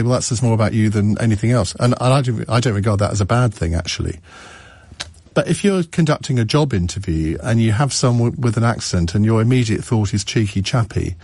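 A man's voice: medium pitch, a little mellow, no echo. A man hosting a radio phone-in, musing aloud and chatting with callers, often restarting his sentences. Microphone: studio microphone.

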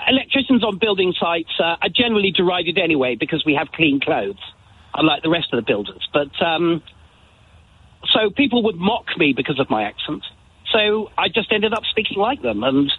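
A man's voice: high-pitched, breathy edge. An older retired man calling in to a radio phone-in, talking hesitantly with many ums. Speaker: caller. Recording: tinny phone line.

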